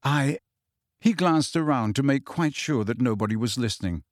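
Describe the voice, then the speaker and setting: Man reading an audiobook, measured and steady, dry close mic. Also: medium pitch, no echo. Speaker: audiobook narrator. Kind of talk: scripted narration.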